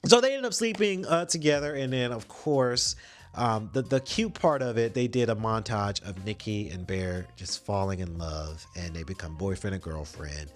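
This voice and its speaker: Animated man recapping a movie. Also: medium pitch, normal speed, soft background music. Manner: animated, slangy storytelling with swearing. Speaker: podcast host.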